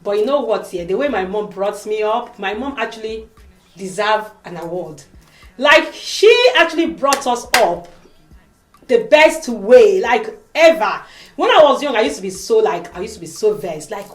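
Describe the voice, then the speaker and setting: A woman's voice: fairly high pitch, moderate pace. A woman, talking in an emotional, emphatic casual vlog and acting out the people she quotes. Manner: animated, emphatic, acts out quoted voices. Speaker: vlogger. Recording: echoey room.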